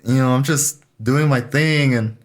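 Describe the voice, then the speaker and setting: Laid-back, swearing young man. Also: medium pitch. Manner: laid-back, profane, quick to laugh. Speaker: podcast co-host. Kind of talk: casual chat.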